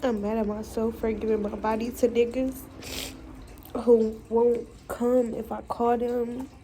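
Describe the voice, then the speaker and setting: A woman's voice: fairly high pitch, little pitch movement, unhurried, noisy background. A young woman, venting frankly and with profanity in a personal vlog. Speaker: vlogger.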